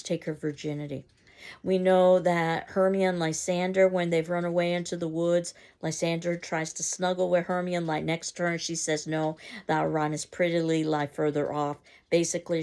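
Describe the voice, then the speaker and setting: A woman's voice: fairly low pitch, vocal fry, darkish tone. A woman teacher giving a recorded class lecture, explaining at length with frequent fillers and self-corrections.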